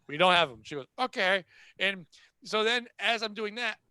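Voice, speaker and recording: Guy with a high bright voice telling a work story, sarcastic and blunt, dry close sound. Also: normal speed, clean tone, no room sound. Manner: animated, acts out the people in his stories. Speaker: podcast host telling a retail story. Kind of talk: casual storytelling chat.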